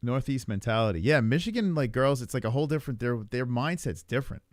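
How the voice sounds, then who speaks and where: A man in his forties with a New York accent, rambling and swearing in casual live stream chat while high, chuckling often. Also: expressive, quick pace, no room sound, clean studio sound. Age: 40s.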